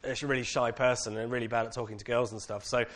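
Speaking fast at a medium pitch, a British-accented man shares a personal testimony with an audience. He's candid and animated, sprinkling in plenty of casual fillers.

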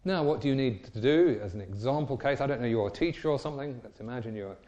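Male preacher, mellow and warm in tone, animated and emphatic. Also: mid-range voice, fast talker, highs cut off. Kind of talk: sermon.

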